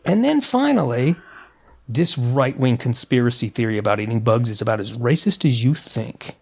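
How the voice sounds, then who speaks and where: A man co-hosting a podcast, chatting in an animated, opinionated way with frequent restarts. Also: mid-range voice, normal speed, vocal fry, slightly rough. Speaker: podcast co-host. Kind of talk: casual podcast chat.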